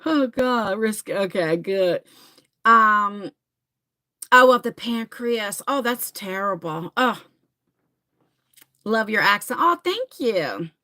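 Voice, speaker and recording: A woman's voice: mid-range voice, expressive, takes it slowly, long pauses, sharp tone. A middle-aged woman from New Jersey with a New Jersey accent, chatting casually on a livestream, rambling and reading viewer comments aloud. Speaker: livestream host.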